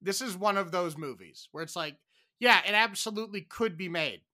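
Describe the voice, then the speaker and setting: A man co-hosting a podcast in casual chat, animated and given to exaggerated, dramatic outbursts. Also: high-pitched, moderate pace. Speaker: podcast co-host.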